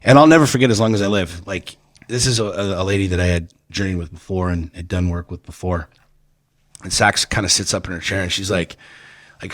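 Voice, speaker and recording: Speaking brisk and low, a male podcast guest recounts personal stories candidly, swearing heavily and repeating himself. The studio recording is clean, with no room sound.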